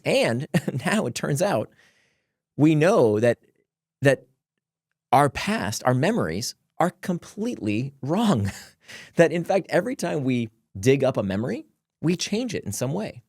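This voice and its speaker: A man, a guest author, explaining his ideas in casual conversation, animated and laughing between points. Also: medium pitch, unhurried, dry recording, clean studio sound.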